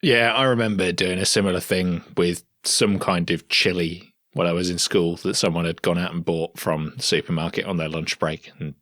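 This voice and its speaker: A man with a very deep voice chats casually and laughs lightly through his stories. The recording is dry and close. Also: steady tone, normal speed, hardly any pauses, fairly bright tone, no room sound. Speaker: podcast host. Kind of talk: casual chat.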